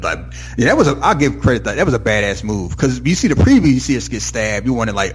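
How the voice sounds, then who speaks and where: A man's voice: medium pitch, fast, faint music behind. A man casually recapping a TV episode with a co-host, acting out characters' lines as he goes. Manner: animated, acts out characters' lines mid-story. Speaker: podcast co-host.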